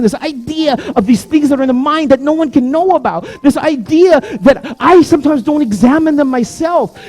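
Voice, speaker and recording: Male pastor with an unusually high voice, animated storyteller, faint music behind. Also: slightly rough. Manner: animated storytelling, building to prayer. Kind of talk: sermon storytelling.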